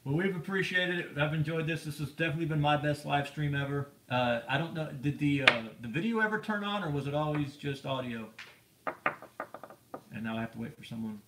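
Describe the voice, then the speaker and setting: A man's voice: a little high, expressive, fairly quick, a bit bright. A man hosting a casual live stream, rambling and reading viewer comments aloud. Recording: echoey room, faint noise.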